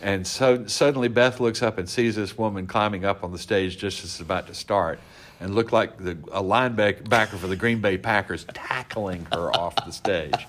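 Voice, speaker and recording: A deep-voiced man speaks as a podcast guest, unhurried and anecdotal. He recounts backstage moments with an easy storyteller's rhythm. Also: a bit bright. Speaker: guest, convention organizer. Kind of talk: casual storytelling interview.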